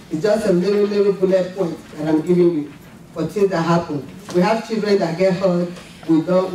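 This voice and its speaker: A man's voice: sits high, warm tone. A man teaching CPR to a live class, repeating the key steps and checking in with "okay?". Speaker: CPR instructor. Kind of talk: live first-aid class. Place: large indoor conference hall. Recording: echoey hall from far off, faint noise.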